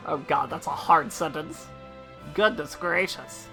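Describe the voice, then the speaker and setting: A young woman streaming a game with relaxed, wry commentary, reading the dialogue aloud as she plays. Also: deep voice, a little slow, creaky, soft background music. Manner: relaxed, wry asides with swearing.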